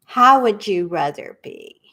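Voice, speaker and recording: A middle-aged woman with a Southern accent guides a tapping workshop in a slow, soothing cadence. She leaves room for listeners to echo her phrases. Her pitch sits in a middling range. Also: expressive, pushed and bright. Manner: slow, soothing, lets viewers repeat after her.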